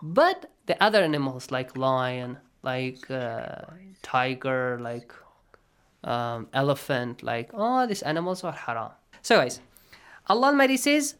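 A man's voice: a little high, big pitch swings, unhurried, fairly bright tone. A man teaching a classroom tajweed lesson, patiently checking that students follow, often asking "okay?" and dropping into near-whispered asides between recited phrases.

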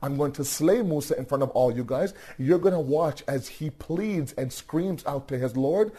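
A man voicing an angry tyrant king, husky. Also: on the high side, moderate pace, dark tone. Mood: threatening. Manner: threatening, boastful. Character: furious male tyrant king.

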